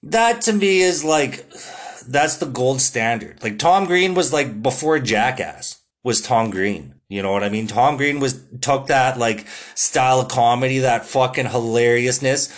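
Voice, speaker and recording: Young male podcaster, solo rant, profane, excitable, lots of fillers. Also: medium pitch, measured pace. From Canada. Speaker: podcast host. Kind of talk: casual solo podcast monologue.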